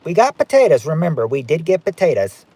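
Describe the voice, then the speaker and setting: A fairly high-voiced man hosting a game night on a live stream, reading out guesses and ruling on them in a chatty, running patter. His voice sounds dry and close, with no room echo. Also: big pitch swings, brisk, mellow, breathy edge. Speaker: game show host.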